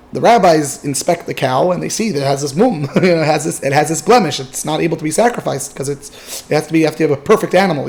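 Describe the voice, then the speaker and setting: A man retells an old story as a Torah lesson in a loose, conversational way. He fills pauses with filler words and often restarts his sentences. His voice sits slightly higher than most men's. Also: gravelly, a little mellow. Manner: casual, lots of fillers and restarts. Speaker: Torah teacher.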